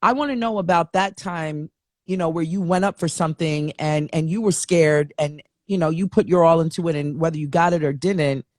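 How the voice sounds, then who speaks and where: A woman's voice: low-pitched, normal speed, a little mellow, no echo, studio quality. A woman hosting an interview, asking long, rambling, admiring questions of her guest. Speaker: podcast host.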